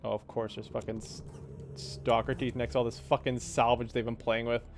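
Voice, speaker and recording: A man's voice: medium pitch, level tone, moderate pace, gravelly, slight background noise. A man streaming a game live, chatting casually and swearing as he thinks aloud. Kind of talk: live gameplay commentary.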